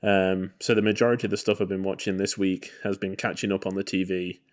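A man's voice: low voice, flat delivery, fast talker. A man co-hosting a podcast, talking in a chatty, rambling way with many ums. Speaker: podcast co-host. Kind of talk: casual podcast chat.

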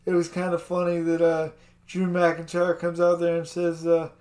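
A man's voice: fairly high pitch, completely flat delivery, normal speed, darkish tone. A man chatting casually about wrestling, laid-back and rambling, often calling his partner dude. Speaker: co-host.

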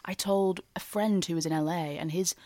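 A woman's voice: on the low side, steady tone, brisk, mellow, no echo, clean studio sound. A woman with an Oldham accent, a guest in a casual chat, telling self-mocking stories. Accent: Oldham, Northern English. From Oldham, England. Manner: chatty, self-mocking storyteller, swears.

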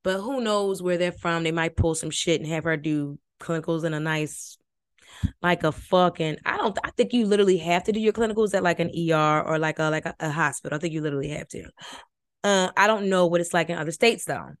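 A chatty woman podcaster rambles through reality-show commentary, cursing freely. Her voice sits a little low. The sound is dry and close, with no room echo. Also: a little fast, smooth. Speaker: former nursing and medicine worker.

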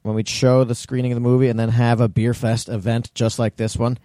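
A man's voice: mid-range voice, level tone, a little fast, dark tone, dry recording. A man co-hosting a podcast in casual chat, brash and teasing, with some swearing. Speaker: podcast co-host.

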